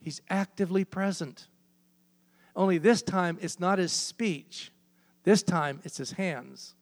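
High-voiced preacher in a reverberant hall. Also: male voice, takes it slowly. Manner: emphatic, repeats key phrases. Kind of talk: sermon.

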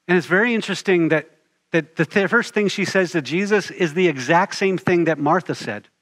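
A man delivering a sermon with an earnest, steadily building cadence. His speaking voice sits on the high side for a man, and he drives his points home by repeating short phrases. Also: fairly quick, fairly bright tone. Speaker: preacher.

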